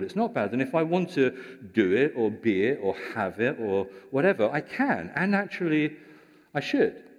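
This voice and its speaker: A man preaching a sermon, explaining scripture in a conversational way with rhetorical questions. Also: on the low side. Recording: long hall reverb.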